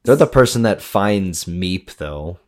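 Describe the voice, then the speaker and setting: A woman's voice: rumbling low, expressive, slow, darkish tone. A woman co-hosting a podcast in casual chat, laid-back and chiming in with short remarks. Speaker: podcast co-host.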